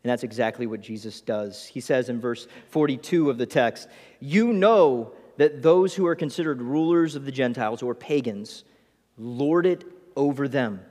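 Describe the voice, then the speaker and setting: A man delivering a sermon, mid-pitched and animated as he retells scenes and slips into voices for the people in them. His voice rings out with a long reverb from a large hall. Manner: lively storytelling preacher, voices the disciples. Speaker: pastor.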